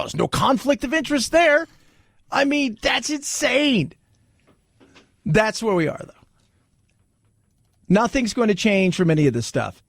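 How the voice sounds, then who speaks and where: A man's voice: high-pitched, no echo, clean studio sound. A man hosting a talk radio show, chatting casually in a wry, sarcastic way.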